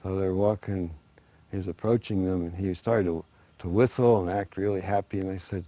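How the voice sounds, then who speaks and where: A man telling traditional folktales in a relaxed, conversational way, with small restarts. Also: low voice, normal speed, dry recording. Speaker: storyteller guest. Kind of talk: oral folk storytelling.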